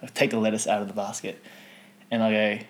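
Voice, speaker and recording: A man co-hosting a chat show, telling an animated anecdote and often laughing. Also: fairly low pitch, a little fast, slight background noise. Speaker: podcast co-host. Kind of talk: casual storytelling chat.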